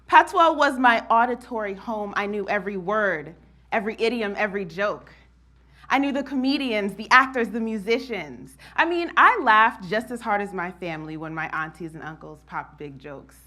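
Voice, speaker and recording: A woman's voice: medium pitch, lively intonation, normal speed, bright, forceful tone. A woman from New Jersey performing a spoken-word monologue, telling her story expressively and laughing often. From New Jersey, USA.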